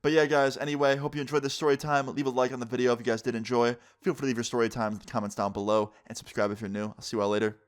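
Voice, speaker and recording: A man's voice: medium pitch, level tone, very fast, few pauses. Guy in his 20s doing a storytime vlog, casual, swears a lot. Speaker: vlogger.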